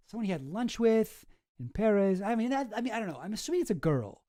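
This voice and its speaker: A man's voice: high-pitched, animated, fast talker, dark tone, dry recording, studio quality. A man hosting a casual commentary, reading messages aloud with sarcasm, laughter and swearing. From outside the US. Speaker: commentary host.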